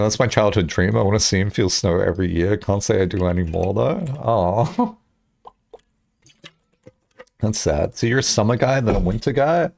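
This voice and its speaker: A man's voice: sits low, creaky. A young man streaming casually, rambling, swearing a lot and acting out imagined conversations.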